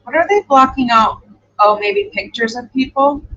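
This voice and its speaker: Over dull, lo-fi stream audio, this true crime livestream host reacts and muses aloud hesitantly, letting her thoughts trail off. She speaks at a normal speed in a voice that's a little high, and she softly coos to her dog.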